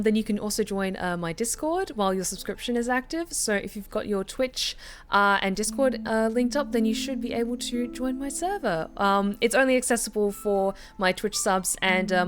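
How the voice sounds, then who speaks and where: A woman, a voice actor, chatting casually and upbeat on a live game stream over background music, with frequent fillers and laughs. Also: mid-range voice. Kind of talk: casual livestream chat.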